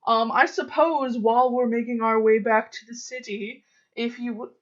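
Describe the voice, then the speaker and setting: A woman's voice: a little high, fairly even intonation, normal speed, close to an everyday voice. A woman voicing a fussy, honor-bound old male elf librarian who mutters to himself. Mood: curious. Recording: dull lo-fi audio.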